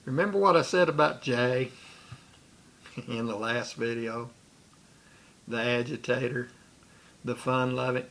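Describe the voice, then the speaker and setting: A man's voice: medium pitch, unhurried, vocal fry, long pauses, fairly bright tone. A man recounting a personal memory in a rambling way, with restarts and asides. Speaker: storyteller.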